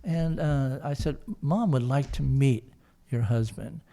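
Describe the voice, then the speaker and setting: A man's voice: mid-range voice, takes it slowly, mellow. An older man telling a long personal story in an interview, rambling with many fillers and restarts. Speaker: guest, son of the founders.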